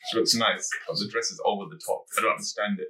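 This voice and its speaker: A man's voice: fairly low pitch, little pitch movement, fast talker, pushed and bright, recorded from a distance. A man co-hosting a casual banter podcast, making blunt jokes and giggling. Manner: joking, giggly, blunt remarks. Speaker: podcast co-host.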